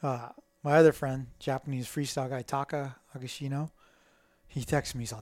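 A middle-aged man, a guest, telling stories in a casual, animated way and acting out the voices of people in them. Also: mid-range voice, a little fast, no echo. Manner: animated, acts out quoted dialogue. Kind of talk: casual storytelling.

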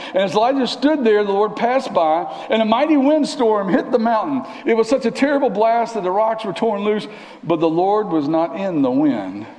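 A man preaching a sermon in a church, conversational and animated, sometimes dropping to a near whisper. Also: sits high, moderate pace. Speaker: pastor. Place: church sanctuary. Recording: long reverb of a church hall.

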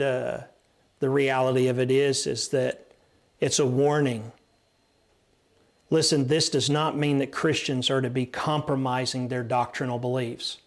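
A man with a Texan accent preaching a sermon, emphatic, repeating phrases and restarting lines as he teaches from scripture. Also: mid-range voice. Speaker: pastor.

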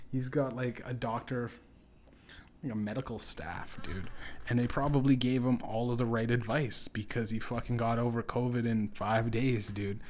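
A young man hosting a solo podcast, ranting in a loose, profane, rambling way with sudden loud jumps in pitch. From Canada. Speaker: podcast host.

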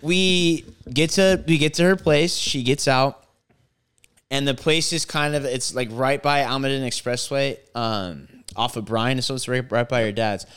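A man on a casual podcast, an animated storyteller who swears freely and acts out both sides of an argument. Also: medium pitch, a little slow, clean tone. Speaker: podcast co-host. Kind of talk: casual chat.

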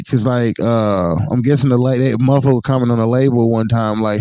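A man's voice: medium pitch, a little fast, dark tone, clean tone, no echo, rough recording. A man hosting a podcast in casual chat, rambling and swearing with lots of "like". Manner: rambling, profane, heavy use of "like". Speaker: podcast host.

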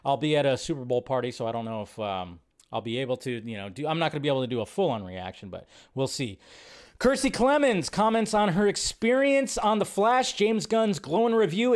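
A man hosts a casual live show about movie news, talking from his home computer setup. His voice sits a little high for a man. He rambles in a chatty way and thinks aloud with plenty of fillers. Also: expressive, brisk. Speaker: host.

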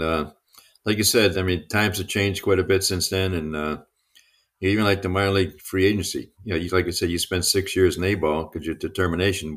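A man's voice: deep voice, fairly bright tone. A man, co-host of a podcast, asking questions and chatting casually. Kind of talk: interview questions, casual chat.

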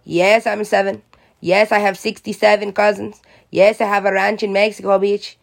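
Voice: medium pitch, level tone, moderate pace, vocal fry, natural voice. A speaker putting on the voice of a brash, boastful teenage schoolgirl clique. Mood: sassy. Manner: sassy, boastful.

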